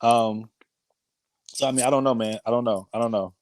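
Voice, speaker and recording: A man co-hosting a podcast in casual chat, animated and slangy, with lots of hesitant restarts. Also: mid-range voice, normal speed, poor audio. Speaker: podcast co-host.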